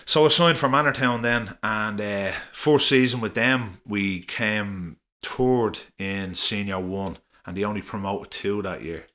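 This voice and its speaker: A middle-aged Irish man rambles through anecdotes in a casual, chatty way, full of fillers. His voice sits low but comes across forceful and punchy. He is a podcast guest telling stories. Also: measured pace, few pauses. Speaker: podcast guest, former referee. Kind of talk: casual storytelling.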